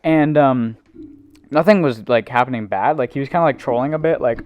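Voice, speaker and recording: Young guy rambling on a podcast, smooth voice, kinda dull lo-fi sound, dry. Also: medium pitch, fairly quick, dry recording. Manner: rambling storytelling, heavy use of like and um. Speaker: podcast co-host. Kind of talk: casual chat.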